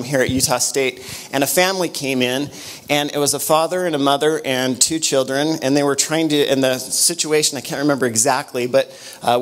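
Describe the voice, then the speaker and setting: A middle-aged man, giving an animated motivational conference talk full of stories and quick restarts. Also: medium pitch. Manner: storytelling, animated, with frequent restarts. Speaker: conference speaker. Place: conference room.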